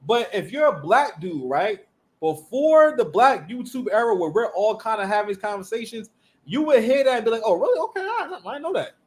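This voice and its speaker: A man hosting a reaction commentary, animated and emphatic, talking in street slang. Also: high voice. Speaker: commentary channel host.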